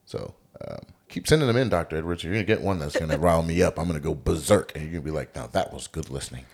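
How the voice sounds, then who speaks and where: A man co-hosting a podcast, chatting casually and telling stories in an animated, joking, profane way. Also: low voice, very fast, vocal fry. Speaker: podcast co-host.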